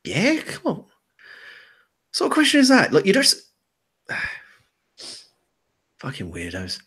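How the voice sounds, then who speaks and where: A man's voice: high-pitched, wildly swooping pitch, measured pace, a bit bright, slightly rough, pitched above the performer's own voice, full character voice. A man voicing an impatient, dismissive young girl who runs errands for a gang. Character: curt twelve-year-old girl gang runner.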